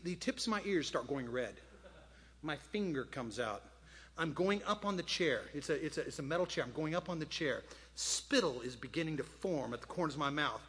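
A man preaching a sermon. He tells stories dramatically and often drops to a hushed voice. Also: a little high, husky. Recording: long hall reverb.

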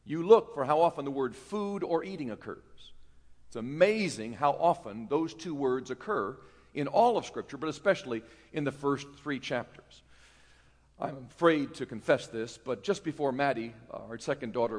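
A middle-aged pastor from North Carolina preaching a sermon, folksy and self-mocking, building to fervent emphasis. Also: male voice, medium pitch, in a large hall. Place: church sanctuary.

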